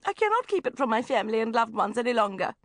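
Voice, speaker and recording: Histrionic mother figure for a storybook reading, high and loud, dramatic swoops into whispers , voiced by a woman. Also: big pitch swings, quick pace, dry recording. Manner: histrionic, gushing, swinging into breathy whispers. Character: theatrical, self-dramatizing middle-aged mother.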